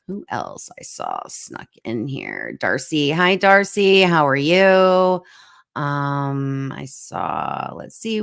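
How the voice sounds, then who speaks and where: A woman hosts a casual livestream over a video call, greeting viewers by name with plenty of fillers. Her voice is low, smooth and resonant, and it sometimes cuts in and out. The sound is dry and close. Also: a bit bright, dry recording. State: voice cutting in and out. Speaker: livestream host.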